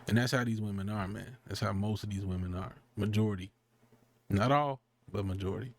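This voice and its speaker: A man's voice: fairly low pitch, dry recording. Slangy, profane man preaching. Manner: slangy, profane, rambling asides; slow, deliberate scripture reading. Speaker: street preacher. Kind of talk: casual sermon with scripture reading.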